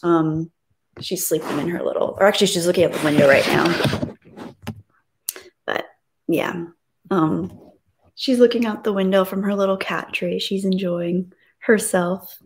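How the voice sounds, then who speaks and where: Woman, slightly low voice, live-stream host, casual chat, soft and hesitant. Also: fairly even intonation, a little slow, long pauses, a little hiss or hum. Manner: reads chat messages aloud and greets viewers; soft, reflective and hesitant when talking about grief.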